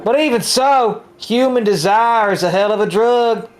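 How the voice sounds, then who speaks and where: A woman voicing a laid-back middle-aged country man with a put-on Southern drawl in a fan dub of a game, slow and deadpan. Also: fairly high pitch, lightly acted. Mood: easygoing.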